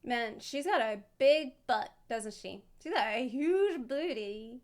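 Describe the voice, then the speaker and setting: A woman's voice: a little high, expressive, takes it slowly. A woman streamer reacting to a video, rambling and swearing in casual chat. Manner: rambling, swearing, self-mocking.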